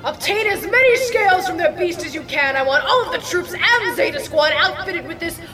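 Impatient villain boss lady, high pitched, drawn out, music behind. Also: animated, a little fast, sharp tone, distant mic, a faint crowd, exaggerated voice. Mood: exasperated. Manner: impatient, exasperated. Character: impatient female villain commander. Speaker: commander. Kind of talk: audio drama acting.

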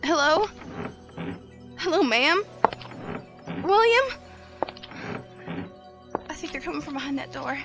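A woman's voice: high-pitched, little pitch movement, very fast, vocal fry, hardly any pauses, music in the background. A young woman playing a polite door-to-door church missionary in an audio drama. She speaks with courtesy and says ma'am often. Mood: frightened.

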